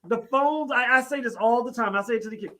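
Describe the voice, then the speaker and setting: A middle-aged man talking casually and bluntly as a podcast guest, animated and quick to laugh. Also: extremely high pitch. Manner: blunt, animated, laughs and shouts while telling stories. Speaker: podcast guest, youth worker. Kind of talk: casual chat.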